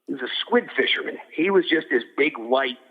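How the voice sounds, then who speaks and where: A man's voice: medium pitch, animated, brisk, husky. Rambling middle-aged man on a tinny line. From Philadelphia. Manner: rambling, many restarts, acts out quotes. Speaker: boxing cutman, guest. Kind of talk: casual interview storytelling. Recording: phone-like line with long reverb.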